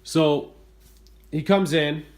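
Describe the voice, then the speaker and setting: Exasperated male homeowner, handheld home-video complaint, hurried retelling. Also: fairly high pitch, fairly even intonation, a little mellow. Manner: exasperated, retelling events in a rush. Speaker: homeowner reviewing appliances. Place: inside a home kitchen.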